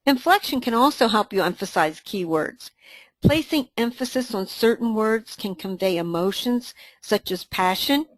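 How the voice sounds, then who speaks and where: A woman's voice: medium pitch, no room sound. Woman presenting a scripted training webinar.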